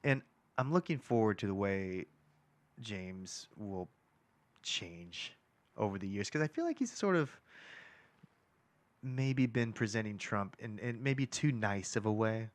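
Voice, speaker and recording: A man chatting on a podcast in a thoughtful, measured way, often stopping and restarting his sentences. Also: lowish voice, lively intonation, no room sound. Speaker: podcast co-host. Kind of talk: casual podcast chat.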